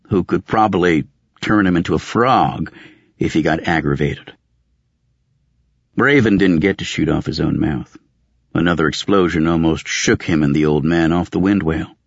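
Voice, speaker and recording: A man's voice: low voice, slightly rough, no room sound, muffled recording. A man narrating a fantasy audiobook in the first person, in a dry, wry, world-weary tone.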